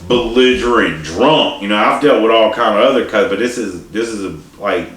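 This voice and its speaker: A man's voice: on the low side, lively intonation, moderate pace, a bit bright. A man telling a story in a casual, rambling, profane way, with many restarts and asides. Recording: echoey room, distant mic, faint hiss.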